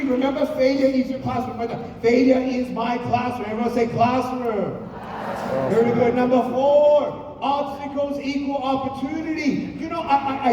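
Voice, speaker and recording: A motivational speaker on stage addresses a live crowd, speaking emphatically, repeating points and rallying the audience. His very high, darkish voice is picked up by a distant mic in an echoey hall with crowd noise and a little hiss or hum.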